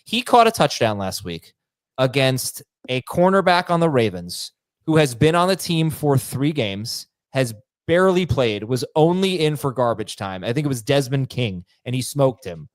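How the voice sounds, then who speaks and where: A man hosting a casual sports podcast panel, reading out listener questions and arguing his points in a brisk, upbeat way. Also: mid-range voice, big pitch swings, no room sound.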